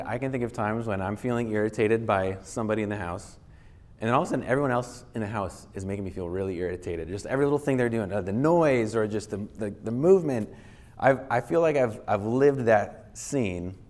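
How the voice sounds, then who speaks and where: A man's voice: medium pitch, a little mellow. A man giving a casual, conversational lecture to a live audience, with frequent restarts and playful bits where he acts out angry voices. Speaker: speaker teaching on anger.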